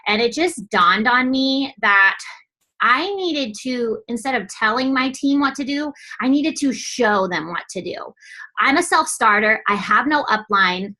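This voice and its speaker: A young woman's slightly high voice delivers a spirited, no-nonsense motivational speech to her team. She cusses frequently and mimics people in brief asides.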